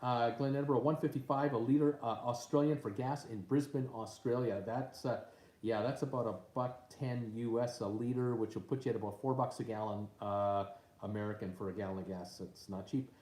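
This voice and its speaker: A man's voice: medium pitch, steady tone, fairly quick, dark tone. A man hosting a casual live stream at home on his tablet, reading viewer comments aloud with lots of uhs and ums. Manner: reads viewer comments aloud with many fillers. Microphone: tablet mic. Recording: echoey room.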